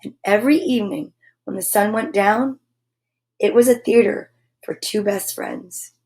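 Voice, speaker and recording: A woman reading a picture book aloud to children, expressive, with exclaimed asides. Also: mid-range voice, unhurried. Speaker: children's storyteller.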